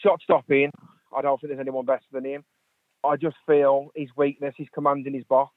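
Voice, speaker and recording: A man's voice: medium pitch, level tone, brisk, dry recording. A man from the West Midlands calling in to a radio phone-in, talking earnestly with many "um"s and "I think"s. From West Midlands, England. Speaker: caller. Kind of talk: phone-in chat. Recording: tinny phone line.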